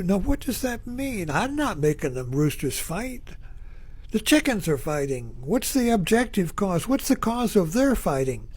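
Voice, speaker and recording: Male Zen teacher, unhurried, raised rhetorical questions, dry close sound. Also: sits high, a little mellow, husky, no room sound. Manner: poses rhetorical questions, repeats phrases. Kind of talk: reflective spiritual talk.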